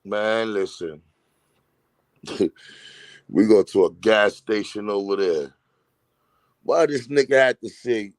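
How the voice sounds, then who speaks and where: A man's voice: on the low side, slow, long pauses, dry recording. A man from New York chatting casually, cursing a lot and rambling through anecdotes in street slang. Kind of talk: casual chat.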